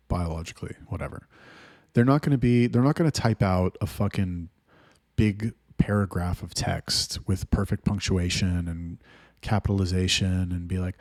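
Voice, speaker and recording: A man's voice: on the low side, darkish tone, no echo, clean studio sound. A young adult man hosting a casual vlog, talking bluntly and profanely with a rambling flow. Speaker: host.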